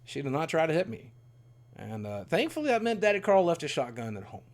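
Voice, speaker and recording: A man's voice: fairly high pitch, sing-song, brisk. A man in his forties telling a candid, rambling personal story in a self-deprecating way. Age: 40s. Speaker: YouTuber.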